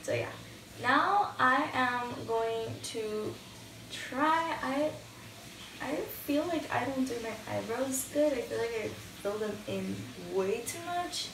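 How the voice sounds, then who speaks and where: A woman's voice: fairly high pitch, expressive, takes it slowly, background noise. Chatty young woman in an echoey room. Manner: chatty, hesitant, thinking aloud. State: morning voice. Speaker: beauty vlogger. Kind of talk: casual makeup tutorial. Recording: echoey room, mic at a distance. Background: shower running in another room.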